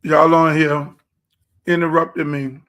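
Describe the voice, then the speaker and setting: Slow, rambling man chatting while eating. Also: on the high side, flat delivery, a bit bright. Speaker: show host. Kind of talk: casual livestream chat.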